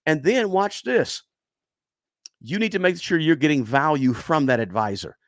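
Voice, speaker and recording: A man's voice: a little high, lively intonation, moderate pace, no room sound, studio quality. A man giving personal finance advice to camera in a casual, emphatic way, repeating words for stress and often checking in with "right?".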